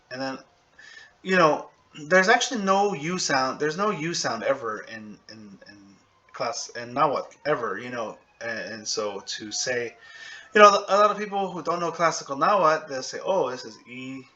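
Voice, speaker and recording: A man gives a relaxed video lesson in a bright, forward voice, talking it through with plenty of fillers and quick "right?" check-ins. He slows down to sound out example words for his viewers. The audio is a bit dull and lo-fi. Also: on the high side. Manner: conversational, thinks aloud with fillers, checks in with "okay?" and "right?"; drops into spoken examples and sounds out words slowly. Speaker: language teacher. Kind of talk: casual video lecture.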